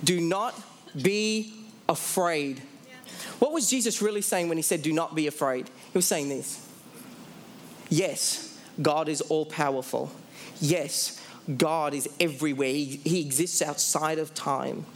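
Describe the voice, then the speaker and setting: A man preaching with a high, ringing voice, stretching out the key lines for emphasis. He asks his listeners questions and answers them himself. A faint hum of room noise sits under his voice. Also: a little slow. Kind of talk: sermon.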